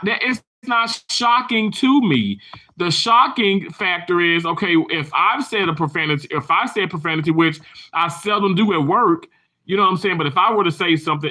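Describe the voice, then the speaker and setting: A man talking straight to his viewers in a casual, candid way. His voice is pitched a little high, with a bright, forceful edge. He tells his story with animated energy.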